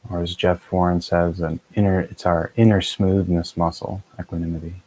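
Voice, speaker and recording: Calm, low-voiced man guiding meditation. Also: poor audio. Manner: calm, measured and unhurried. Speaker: meditation teacher. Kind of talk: guided meditation instruction.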